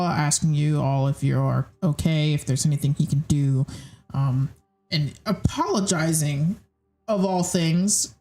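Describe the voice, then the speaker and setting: A woman's voice: sits low, warm tone. A woman narrating a tabletop game as game master, casual and hesitant with many fillers.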